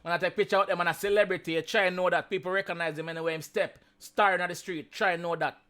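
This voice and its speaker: A man's voice: high-pitched, fairly even intonation, fast talker, over loud music. A Jamaican man hosting a reaction video, chatting casually in patois and chuckling often.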